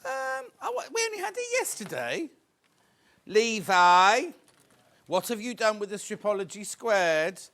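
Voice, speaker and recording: A British man presents live on a TV shopping channel with his voice sitting fairly high. His pitch swings widely as he chats, counts down stock and teases the crew. He sounds excitable and talkative. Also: measured pace, creaky. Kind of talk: live TV shopping sales patter. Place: TV studio.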